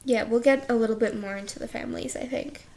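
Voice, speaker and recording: Woman, slightly high voice, podcast co-host, casual chat, expressive reactions. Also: fast, vocal fry, poor audio.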